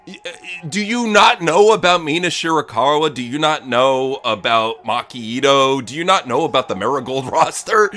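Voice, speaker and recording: A man co-hosting a casual watch-along chat, crude and laughing, often slipping into quick impressions. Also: mid-range voice, bright, forceful tone. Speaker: co-host. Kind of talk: casual profane chat while watching wrestling.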